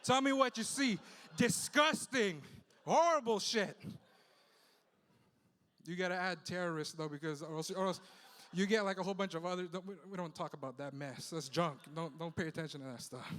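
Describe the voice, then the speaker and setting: In a live comedy club with long reverb, a man holds a stage mic and runs through a loose, profane set dotted with "you know." He's from the Bay Area, of Philippine heritage. His voice is a little high, fairly bright and steady in tone, with a quick pace.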